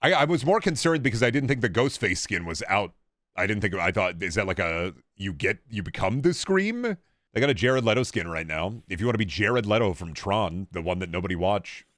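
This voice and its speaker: Man, twenties, slightly deep voice, gaming streamer, rambling, swears a lot, jokey, chats back to viewers. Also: very animated, fairly quick, fairly bright tone, dry recording, studio quality. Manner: talks back to chat while playing. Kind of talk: casual gaming livestream chatter.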